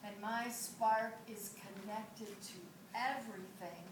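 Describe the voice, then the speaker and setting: A woman performing an animated storytelling monologue on a theatre stage, often laughing as she talks. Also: medium pitch, slow. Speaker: actor in a solo play. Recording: echoey theatre audio from far off with loud room noise.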